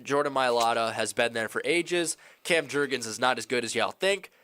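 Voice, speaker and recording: A man co-hosting a sports podcast in a college radio studio, animated and opinionated, his voice starting to give out. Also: mid-range voice, smooth. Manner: animated, opinionated, quick asides. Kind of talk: casual sports talk.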